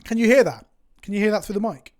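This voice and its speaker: A man's voice: high-pitched, fast talker, darkish tone. An English man chatting casually on a stream, rambling and swearing with self-mocking banter. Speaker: Magic card game content creator. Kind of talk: casual chat on a live stream.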